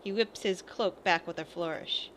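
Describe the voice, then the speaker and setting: A woman's voice: fairly low pitch, normal speed. A woman playing a video game and reading its dialogue aloud in a casual way, swearing now and then and commenting on the game as she goes. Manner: reads lines mostly without character voices. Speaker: let's play gamer.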